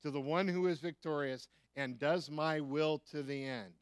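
A man's voice: on the high side, steady tone, moderate pace, smooth, no echo. An American man preaching a sermon as pastor, emphatic, repeating key phrases and asking the listeners rhetorical questions.

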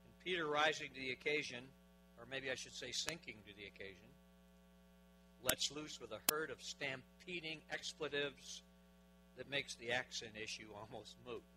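A man preaching a sermon, dramatic, with big swings in loudness, asking his listeners questions. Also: medium pitch, normal speed, slight background noise, poor audio.

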